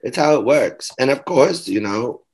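Gravelly, animated male interview guest. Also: mid-range voice, moderate pace. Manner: animated, profane, laughing storyteller. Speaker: guest performer. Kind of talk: casual interview storytelling.

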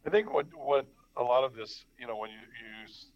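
A man's voice: medium pitch, moderate pace. A man in a discussion, reflecting aloud in a hesitant way with many "you know"s and restarts. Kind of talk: conversational discussion. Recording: dull lo-fi mic.

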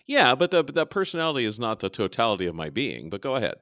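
A man co-hosting a casual podcast with dry, deadpan humor. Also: medium pitch, fast talker, no echo. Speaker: podcast co-host. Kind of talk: casual chat.

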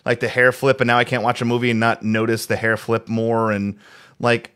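A man's voice: medium pitch, monotone, a little fast, fairly bright tone, clean tone. A man co-hosting a casual podcast chat over a video call, rambling with many restarts. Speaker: podcast co-host.

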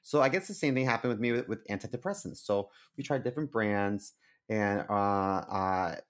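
A man's voice: on the low side, moderate pace. A man co-hosting a podcast, chatting casually and candidly over a remote call, full of fillers and restarts. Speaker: podcast co-host. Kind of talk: casual chat.

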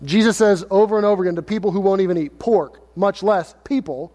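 A pastor preaches with a high, bright-edged voice, chatting with the crowd and cracking jokes between points. His words ring out in a long hall reverb. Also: fast talker. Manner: conversational, joking, rhetorical questions. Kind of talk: sermon.

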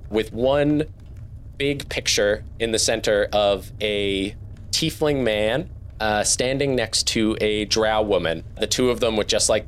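A man narrating as game master of a tabletop role-playing game, telling the scene with many pauses and fillers. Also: on the low side, a little hiss or hum. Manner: halting, filler-heavy storytelling.

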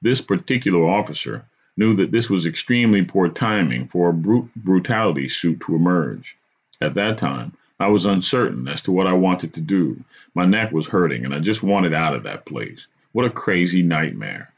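Deep-voiced man telling a dramatic story. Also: lively intonation, moderate pace, breathy edge. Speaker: podcast host and storyteller. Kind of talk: first-person storytelling. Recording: dull lo-fi recording.

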